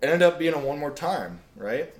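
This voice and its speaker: Guy telling a racing story, lively swoopy voice, kinda roomy echo. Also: fairly high pitch, normal speed, slight background noise. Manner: animated storyteller, profane. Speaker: podcast guest, drift driver. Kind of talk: casual chat.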